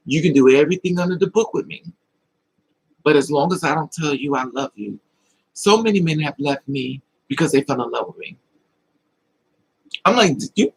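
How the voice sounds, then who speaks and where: On a low-quality recording with slight background noise, a man with a high-leaning voice and vocal fry hosts a livestream. He casually answers chat in a confiding way and tells emotional personal stories.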